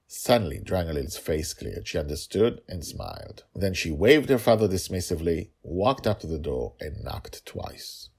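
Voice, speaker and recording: A man hosting a fantasy story podcast, narrating in an animated way with chuckling asides. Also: sits low, normal speed, vocal fry, few pauses, husky.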